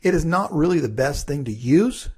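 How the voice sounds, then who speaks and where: A man teaching a class through a relaxed, conversational screen-recorded coding tutorial, thinking aloud as he works. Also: on the high side, moderate pace, husky.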